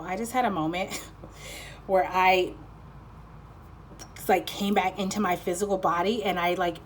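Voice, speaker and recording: Over slight background noise, a woman with a lowish, somewhat bright voice gives an informal tarot reading. Her talk rambles with plenty of "like," self-interruptions, free swearing, and frequent apologies.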